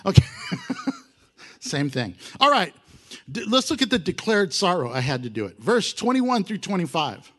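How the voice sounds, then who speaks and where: A man teaching a Bible lesson with a lively voice that swings up and down in pitch, sitting a bit higher than most men. He laughs often and acts out the apologies he quotes. The delivery is a loose, casual teaching style. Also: moderate pace.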